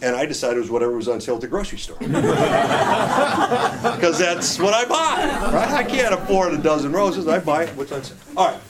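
A man's voice: on the high side, very animated, brisk, a loud crowd. A middle-aged man presenting a marriage workshop, joking with the audience and constantly checking in with "right?". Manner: jokey, quizzes the audience, keeps asking "right?". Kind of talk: humorous live lecture to couples. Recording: live talk with audible audience. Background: live audience reacting.

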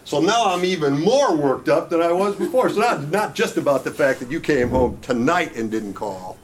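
A man's voice: a little high, expressive, moderate pace, noisy background. A middle-aged man presenting a marriage workshop, joking with the audience and constantly checking in with "right?". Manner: jokey, quizzes the audience, keeps asking "right?". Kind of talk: humorous live lecture to couples. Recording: live talk with audible audience. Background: live audience reacting.

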